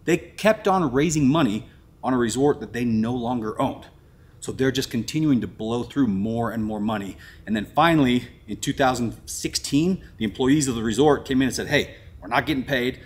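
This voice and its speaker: A man hosts an exploring vlog with a husky, slightly breathy voice at an ordinary pitch. He tells his story casually and gets excited, dropping "dude" and "crazy" often. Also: moderate pace. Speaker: vlogger host. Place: abandoned resort building, indoors.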